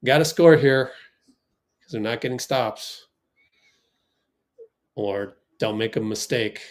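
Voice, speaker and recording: A man hosting a fan watch party stream, giving casual play-by-play, reacting loudly to plays and reading the chat aloud. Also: mid-range voice, slow.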